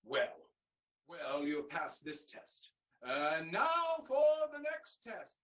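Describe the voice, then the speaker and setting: A man's voice: a little high, wildly swooping pitch, slow, sharp tone, far from the mic, full character voice. A storyteller voicing a proud, scheming old king who stalls with ums. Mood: blustering. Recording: voice a bit off-mic.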